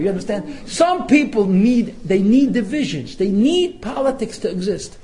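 Animated high-voiced man teaching a text. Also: normal speed, few pauses, low-quality recording. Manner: animated, acts out quotes, laughs often. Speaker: Torah teacher. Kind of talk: text-study lecture.

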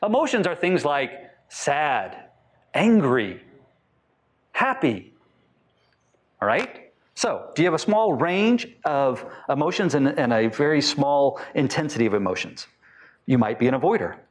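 A man giving a talk to a live audience, asking them many questions and acting out short quotes in lively voices. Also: on the high side, a little slow. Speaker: speaker teaching on attachment styles.

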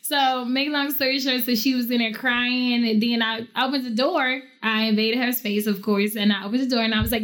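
Mom hosting a family podcast, kinda high voice, rambly storyteller, laughs a lot. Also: female voice, fast, hardly any pauses. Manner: storytelling, animated when quoting, laughs often. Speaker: podcast host and parent. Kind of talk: casual family podcast chat.

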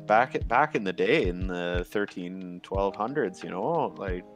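A man's voice: deep voice, lively intonation, unhurried, faint music behind. A man in casual chat, laid-back, swearing often and laughing a lot.

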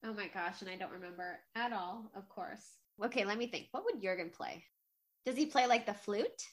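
A woman co-hosting a baking podcast, cheerful and quick to laugh, sometimes reading out background notes. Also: medium pitch, animated. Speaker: podcast co-host. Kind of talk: casual chat and read-out segment intro.

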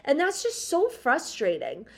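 A woman's voice: high-pitched, wildly swooping pitch, unhurried, gravelly. A young woman in her twenties, co-hosting a casual pop-culture podcast and telling stories in a bubbly, gushing way. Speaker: podcast co-host.

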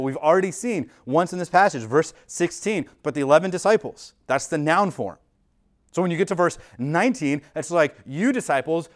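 A man preaching a sermon as pastor in a relaxed, conversational way, often checking in with the listeners. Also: fairly high pitch. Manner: casual, talks to the congregation with frequent "like" and "right?".

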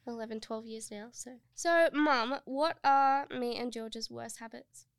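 A young woman hosts a family podcast chat, moving briskly from question to question. Her voice is a touch high and very clear, recorded dry and close to the mic. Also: dry recording. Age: young adult. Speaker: podcast co-host.

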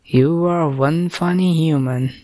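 An ancient, grumbling storybook dragon with a wry, unhurried way of speaking, as a woman puts him on. Low-voiced and slow, heard in a dry, close recording. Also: mellow, dry recording. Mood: grumpy. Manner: slow, grumbling, dryly amused.

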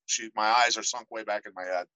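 A middle-aged man tells stories as a podcast guest, animated and quick to act out the voices of the people he quotes. His voice is bright and forceful, and it sounds dry and close to the mic. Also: on the low side, dry recording, low-quality recording. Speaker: podcast guest, former fighter. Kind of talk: casual storytelling interview.

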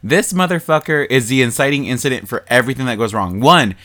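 A man with an everyday mid-range voice talks through a movie plot in loose, casual chat. He is animated and profane, swearing freely and mocking the characters as he goes. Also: mid-range voice, quick pace. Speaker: podcast co-host.

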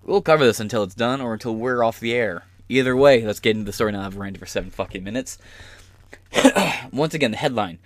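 A man's voice: mid-range voice, a little fast, no room sound. A man hosting a podcast, delivering heated, sarcastic political commentary full of profanity. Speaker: podcast host.

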